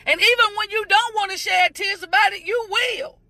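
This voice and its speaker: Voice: very high-pitched, fairly even intonation, moderate pace, bright, forceful tone, dry recording. A preacher giving a morning devotional sermon, greeting viewers by name and repeating phrases emphatically in a sing-song cadence.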